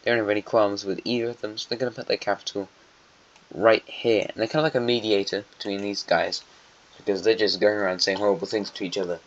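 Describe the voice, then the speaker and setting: A man's voice: fairly low pitch, flat delivery, quick pace, slight background noise. A man narrating an alternate-history map in a casual, meandering way, musing aloud and correcting himself as he goes. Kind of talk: casual rambling commentary. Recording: dull lo-fi mic.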